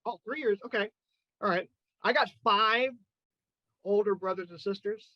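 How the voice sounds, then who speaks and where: A man's voice: sits high, normal speed, pushed and bright, no echo, muffled recording. A man in his fifties hosting a chat and then doing a loose, profane stand-up set. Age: 50s. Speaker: podcast host and amateur stand-up comic.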